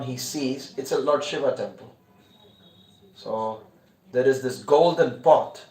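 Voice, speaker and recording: A man's voice: medium pitch, a little mellow. A man telling a story during a scripture class, in a loose, conversational way. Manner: conversational, loose, many "you know" fillers. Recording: roomy echo.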